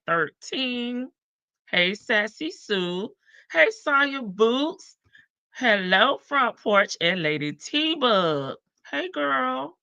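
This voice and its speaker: A woman's voice: mid-range voice, bright, forceful tone, smooth, no room sound. Older woman greeting viewers on a live stream. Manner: greets viewers one by one, drawn-out hellos, laughs often. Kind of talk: casual live stream chat. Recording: dull lo-fi stream audio.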